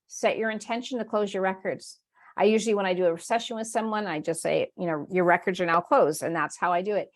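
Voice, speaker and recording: A woman leading a spiritual workshop, telling stories in a chatty way, acting out her inner voice in quoted asides and laughing often. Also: medium pitch. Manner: warm, chatty storytelling with frequent laughs. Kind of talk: live online workshop talk.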